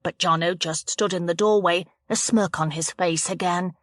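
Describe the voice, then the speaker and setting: A woman reading a thriller audiobook aloud in a steady, measured narration. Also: fairly low pitch, no room sound, studio quality. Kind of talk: scripted narration of a thriller novel.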